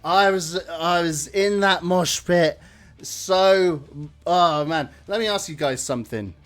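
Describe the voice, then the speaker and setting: A man voicing an enthusiastic, pushy young human man, loud and gushing. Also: high-pitched, sing-song, fast talker, faint music behind, pitched above the performer's own voice, heavily acted.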